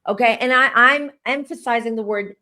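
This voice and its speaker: Emphatic higher-voiced woman host. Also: normal speed, pushed and bright. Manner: emphatic, rambling, frequent restarts. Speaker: host and psychic medium. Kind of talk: casual conversational chat.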